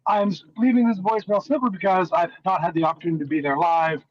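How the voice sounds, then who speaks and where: A man's voice: high-pitched, fairly even intonation, quick pace. A man leaving a voicemail from his car, introducing himself grandly as a caller to the show. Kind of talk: voicemail message. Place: car in traffic. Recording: dull phone voicemail.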